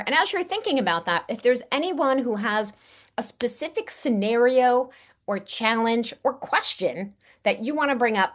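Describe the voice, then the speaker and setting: A woman speaking coach leading an online workshop in an upbeat, encouraging, chatty way over a video call. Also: fairly high pitch.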